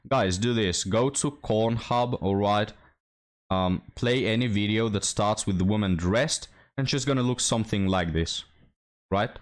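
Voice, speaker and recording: A man's voice: fairly low pitch, unhurried. A young man hosting a reaction commentary, sarcastic and mocking, talking straight to his viewers. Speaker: commentary host.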